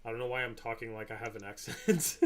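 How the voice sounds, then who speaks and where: A man's voice: mid-range voice, fairly even intonation, fast. Chatty male podcast host, rambling. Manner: rambling, laughs often, drifts soft and quiet. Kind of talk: casual postgame chat.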